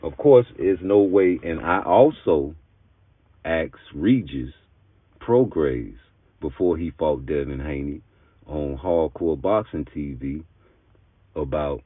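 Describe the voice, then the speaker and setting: A man's voice: a bass voice, animated, takes it slowly, no echo. A man giving an emphatic, argumentative boxing commentary in blunt street talk. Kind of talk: opinionated commentary monologue. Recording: tinny phone-like dry sound.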